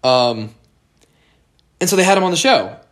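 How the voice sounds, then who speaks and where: A man's voice: fairly high pitch, lively intonation, moderate pace. Rambling, cursing young American man. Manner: rambling, swears often, many fillers and restarts. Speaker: podcast host. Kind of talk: casual solo podcast monologue.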